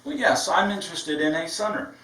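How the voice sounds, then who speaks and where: Man role-playing a matter-of-fact male caller asking about a sunroom. Mid-high voice, distant and echoey. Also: animated, a little fast, sharp tone. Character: ordinary male customer calling about a sunroom. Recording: roomy sound from a distance.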